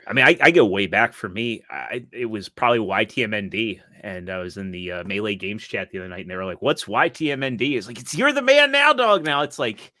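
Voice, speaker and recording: A man's voice: lowish voice, fast, few pauses, bright, forceful tone, no room sound, clean studio sound. A man hosting a casual online show, rambling and laughing as he tells stories. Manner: rambling, laughs often, restarts. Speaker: podcast host. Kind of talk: casual chat.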